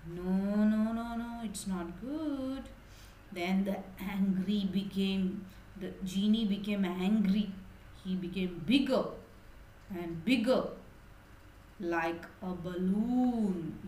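Animated woman teacher explaining a story. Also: medium pitch, takes it slowly, roomy sound, a little hiss or hum, low-quality recording. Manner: animated, asks the children questions.

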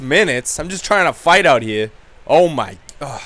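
A man doing loud, taunting gameplay commentary, trash-talking in character as his hockey player. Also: mid-range voice, moderate pace. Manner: loud, taunting, animated and jokey. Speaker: gamer.

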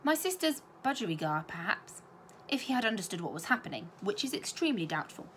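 A woman voicing a stern, gaunt older governess with a gruff voice and dry, clipped delivery. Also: medium pitch, sing-song, a little fast, a bit bright, slight background noise.

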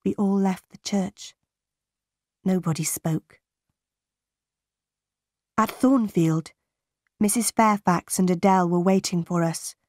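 Slow, careful woman narrator. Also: medium pitch, darkish tone, no echo, studio quality. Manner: clear, careful, deliberate. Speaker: audiobook narrator. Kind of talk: slow graded reader narration for English learners.

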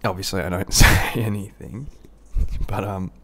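A man's voice: deep voice, moderate pace, creaky, bright, forceful tone, slightly rough. A young Australian man telling a crude, rambling, self-mocking anecdote in a casual way, laughing at his own story.

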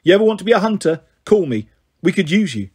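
A fierce, gruff young huntress in a storybook reading , voiced by a man. Husky and fairly high, she speaks bluntly and demands action. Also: sing-song, fast, a little mellow, exaggerated voice. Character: blunt tough teenage girl huntress, fierce.

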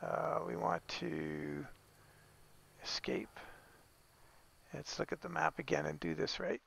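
A man's voice: a little high, steady tone, slow pace, gravelly, fairly bright tone, husky. A man giving a casual, rambling game tutorial, correcting himself as he goes and chuckling now and then.

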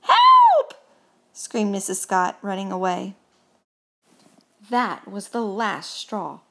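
A woman reading a children's picture book aloud, expressive and unhurried. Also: medium pitch, vocal fry. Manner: slow, expressive storytelling. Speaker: storybook reader.

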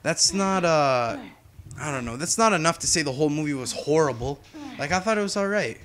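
A man's voice: a little high, animated, a little fast, fairly bright tone, a little hiss or hum. A young man giving casual, chatty gameplay commentary as a YouTuber, humming and drifting off topic. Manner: chatty, distracted, hums to himself. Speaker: gaming YouTuber.

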